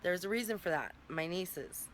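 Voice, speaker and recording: A woman's voice: on the low side, expressive, moderate pace, slight background noise. A young woman talking candidly and emotionally in a personal vlog, rambling and close to tears at times. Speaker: vlogger.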